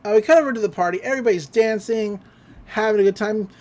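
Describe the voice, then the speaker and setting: A podcast host giving a casual episode recap, telling it with lots of laughter and quick character voices. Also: medium pitch. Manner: animated storytelling, laughs often, slips into character voices.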